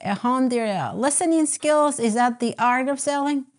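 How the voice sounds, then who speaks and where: A woman's voice: high-pitched, moderate pace. A woman hosting a podcast interview, asking short questions in casual chat. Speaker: podcast host.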